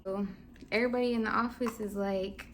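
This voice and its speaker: A woman in her twenties, a vlogger telling a personal story in a casual, animated style with lots of "like"s. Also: mid-range voice, brisk, slight background noise. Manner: casual, animated retelling with many "like"s. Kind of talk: storytime chat.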